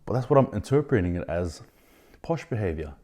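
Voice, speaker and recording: A man hosting his own rugby league podcast, giving indignant opinions in a ranting style, with sudden loud outbursts of disbelief. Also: fairly low pitch, big pitch swings, brisk. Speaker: podcast host. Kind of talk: opinionated sports commentary.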